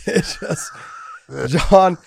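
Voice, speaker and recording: A man co-hosting a podcast while sick and drained, talking quietly and ruefully and laughing at himself. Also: high-pitched, extremely slow, slight background noise. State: sick and low on energy. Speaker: podcast co-host. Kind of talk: casual chat.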